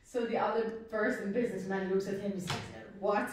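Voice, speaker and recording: A woman's voice: mid-range voice, fairly even intonation, fast, darkish tone, a little hiss or hum. A woman leading an interactive group talk, chatty, often laughing and asking the audience questions. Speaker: spiritual talk leader. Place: lounge room with a small audience. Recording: echoey room, voice from far off.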